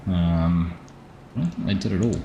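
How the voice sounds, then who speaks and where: Deep-voiced man chatting on a live stream. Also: moderate pace, creaky, mellow, slight background noise. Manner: chatty, greets viewers by name between gameplay remarks. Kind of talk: casual live-stream commentary.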